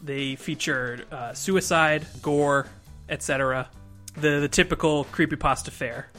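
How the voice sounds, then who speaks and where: Male podcast host, bright tone, reads absurd creepypasta deadpan then cracks up. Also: fairly high pitch, unhurried, soft background music. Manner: reads rambling text aloud, breaking into laughter. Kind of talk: casual podcast chat and comic reading.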